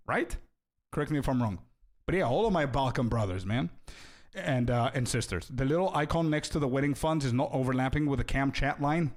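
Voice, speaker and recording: A young male streamer talks loosely to his chat in a middle-pitched voice. He breaks into quick laughs and trips over his own restarts. He drops "bro" and "dude" all through his chatter. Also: darkish tone. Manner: laughs often, halting restarts, calls people bro and dude. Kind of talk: casual livestream chat, thanking donors.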